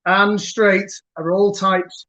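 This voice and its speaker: Man, quiz host, chatty, chuckling, rereads questions slowly, dull lo-fi call sound. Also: high-pitched, little pitch movement, bright, forceful tone. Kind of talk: hosting a virtual pub quiz. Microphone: computer mic on a video call. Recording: dull lo-fi video call audio.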